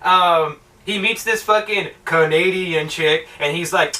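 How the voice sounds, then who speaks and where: A young man rambles through a film review with lots of profanity and sarcasm. His voice is high and bright. He sounds a little far from the microphone. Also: measured pace, hardly any pauses. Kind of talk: casual film review rant.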